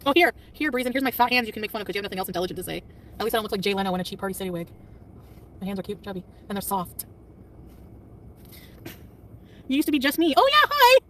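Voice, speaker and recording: Animated and fast, a woman with a medium-pitched voice talks her way through a casual stream, often laughing, defensively snapping back at people in chat. She's far from the microphone, with faint traffic noise audible.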